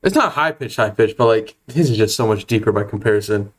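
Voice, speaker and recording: A man's voice: fairly low pitch, lively intonation, quick pace. A man in his twenties streaming a game, chatting casually in a nervous, self-deprecating way, often stammering and laughing. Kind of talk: casual live-stream chat.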